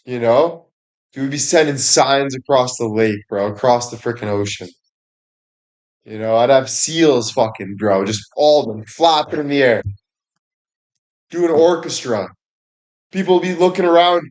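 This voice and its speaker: A man's voice: medium pitch, measured pace, pauses often, a little mellow. Profane rambling man on a livestream. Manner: profane, rambling, laughs often, fillers like "you know". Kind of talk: crude comedic monologue on a livestream.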